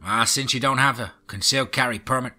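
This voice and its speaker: A man's voice: medium pitch, fairly even intonation, fast, soft background music, voice pushed up. A man voicing a blunt, wary Southern pawn shop clerk with a Southern accent, matter-of-fact in tone. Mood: enthusiastic. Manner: matter-of-fact, drops to a hushed tone.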